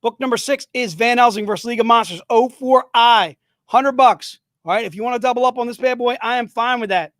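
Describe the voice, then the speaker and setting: A man hosting a live comic sales stream, joking and hyping items in rapid-fire salesman banter from an indoor studio room. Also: very high voice, a bit bright, dry recording. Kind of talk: casual live-stream selling.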